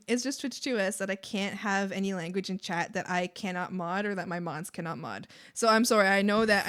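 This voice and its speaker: A young woman chats casually with her stream viewers. Her voice is bright and a touch high, and her talk is full of giggles, apologies and fillers like "um" and "like". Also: a little hiss or hum.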